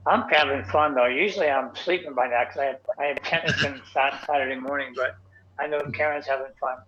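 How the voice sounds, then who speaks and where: A man's voice: medium pitch, fairly even intonation, fairly quick, bright, forceful tone. A man in a casual group chat who rambles and coaxes someone to speak. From United States. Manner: rambling and coaxing. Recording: muffled lo-fi audio.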